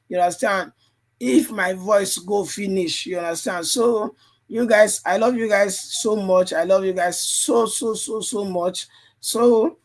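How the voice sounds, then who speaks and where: A man coaching a live trading stream, his voice strained and tired, repeating phrases and constantly checking "you understand?". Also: high voice. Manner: repetitive, keeps asking "you understand?". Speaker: trading livestream host. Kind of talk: live chart analysis and coaching.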